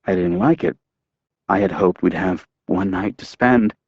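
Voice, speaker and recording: A man's voice: low voice, unhurried, darkish tone, dry recording, dull audio. A man reading an audiobook, voicing an anxious, guilty woman who pleads in a shaky, raised voice. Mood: pleading.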